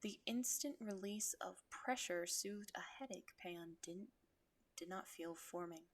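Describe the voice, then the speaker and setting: A woman reading fan fiction aloud on a stream, unhurried, breaking off to laugh at herself. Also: lowish voice.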